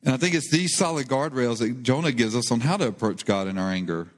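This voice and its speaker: A man's voice: mid-range voice, animated, quick pace. Man preaching in a reverberant church. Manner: earnest, conversational preaching with rising emphasis. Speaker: pastor. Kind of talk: sermon. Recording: long reverb of a church hall.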